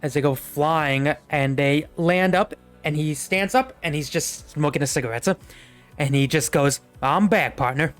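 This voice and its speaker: A man's voice: on the high side, unhurried, soft background music. A young man narrating a tabletop game as game master, rambling with many fillers.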